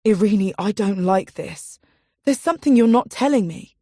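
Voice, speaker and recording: A woman's voice: medium pitch, expressive, normal speed, dark tone, dry recording, studio quality, natural voice. Woman reading a worried young man. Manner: pleading and anxious.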